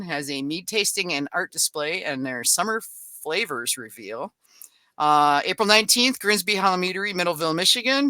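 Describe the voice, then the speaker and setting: Here a podcast host reads off a list of coming events at a brisk clip. She's casual, adding asides and small laughs, and her lowish voice sounds pushed and bright with no room sound.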